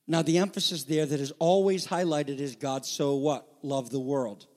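A man delivering a sermon, urgent and emphatic, asking rhetorical questions and swinging between loud declarations and quiet asides. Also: fairly high pitch, steady tone, moderate pace, few pauses. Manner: asks rhetorical questions and repeats phrases. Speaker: preacher.

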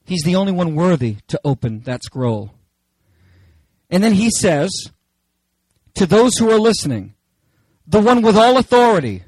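A male pastor delivers a sermon with fervor. His voice sits a little high and leaps into shouted exclamations, then drops to quiet, intimate asides. The recording is dry and close. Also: very animated, moderate pace, breathy edge, dry recording, poor audio. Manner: impassioned preaching with sudden shouts and hushed asides.

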